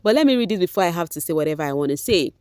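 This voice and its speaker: Talking fast in a lowish, clean voice, a Nigerian-accented woman runs a chatty gossip vlog and speaks directly to her viewers, calling them "guys." She's animated as she reads fan posts and comments on them. The audio is studio quality, with no room sound.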